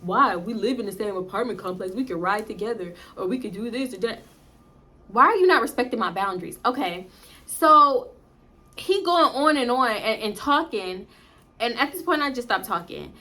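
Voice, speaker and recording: A woman vlogger telling a storytime to her viewers in an animated, blunt and profane manner, speaking straight to the audience. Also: a little high, moderate pace. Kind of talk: casual storytime vlog.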